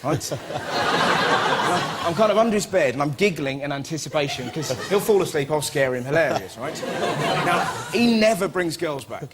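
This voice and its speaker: A man, telling animated comic anecdotes as a chat show guest and squealing for quoted voices. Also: on the high side, moderate pace, over a noisy crowd, heavy background noise. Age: 20s. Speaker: comedian guest. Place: TV studio with audience.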